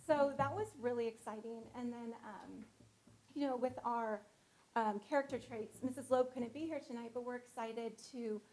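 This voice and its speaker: A woman's voice: on the high side, fairly even intonation, moderate pace, a little mellow, poor audio. A woman school guidance counselor presenting at a board meeting, emotional and close to tears. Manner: emotional, gets choked up. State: teary.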